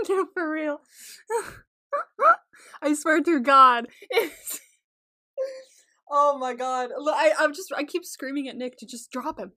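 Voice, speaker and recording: A young woman co-hosting a podcast in casual chat, excitable and giggly, swearing freely. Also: high-pitched, slow, long pauses. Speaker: podcast co-host.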